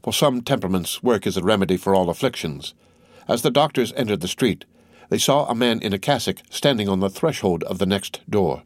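A man reading a classic novel aloud as an audiobook, narrating in a steady, measured way. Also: fairly low pitch, dry recording. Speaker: audiobook reader.

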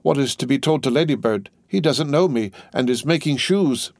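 A man's voice: medium pitch, normal speed, a little mellow, dry recording, clean studio sound, pitched above the performer's own voice, natural voice. A man reading an audiobook, voicing an anxious older woman who wails in distress. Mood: distraught. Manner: distraught, wailing. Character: anxious devoted older woman, a loyal companion.

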